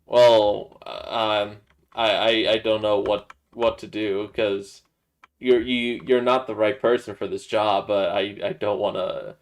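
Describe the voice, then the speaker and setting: A man's voice: fairly low pitch, fairly even intonation, unhurried. A young man hosting a gaming livestream, chatting loosely with friends. He hesitates a lot, stammering and filling gaps with "uh" and "um". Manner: hesitant, stammering, full of fillers. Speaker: streamer and host. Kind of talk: casual gaming livestream chat.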